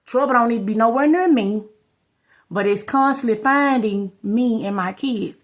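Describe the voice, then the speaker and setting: A woman's voice: on the high side, normal speed. A woman tells her story to camera in a loose, rambling way. She keeps turning to her viewers with "y'all" and "you know what I'm saying." Her talk is casual and unscripted. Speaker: vlogger.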